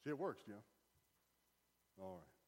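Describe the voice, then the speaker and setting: A man delivers a sermon to his congregation in a wry, conversational way. He pushes into loud, emphatic preaching on his key points. His voice rings out with a long reverb, as in a large sanctuary. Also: fairly low pitch, big pitch swings, unhurried. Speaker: pastor.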